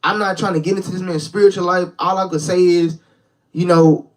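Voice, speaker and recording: A man's voice: high voice, fairly even intonation, fairly quick, far from the mic, low-quality recording. A young man hosting a live reaction stream as a street preacher, talking in a slangy casual way, repeating words and addressing the chat directly. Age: young adult.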